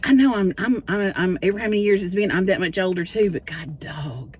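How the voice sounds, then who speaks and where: A woman's voice: on the low side, a little fast, slight background noise. A middle-aged woman with a Texan accent chatting casually to her viewers in a home vlog, calling them y'all as she goes. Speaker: vlogger.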